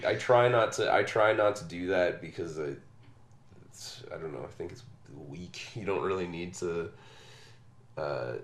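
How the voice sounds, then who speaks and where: A man's voice: deep voice, moderate pace, slight background noise. A man hosting a podcast, chatting casually and rambling with plenty of fillers. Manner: relaxed, rambling, lots of fillers. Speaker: podcast host. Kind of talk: casual conversation.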